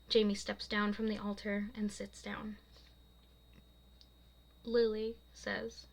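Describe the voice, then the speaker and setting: A young woman, the author, reading her own fiction aloud in a soft, casual way and laughing at her own slips. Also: mid-range voice, monotone, slow pace, vocal fry, pauses often, poor audio.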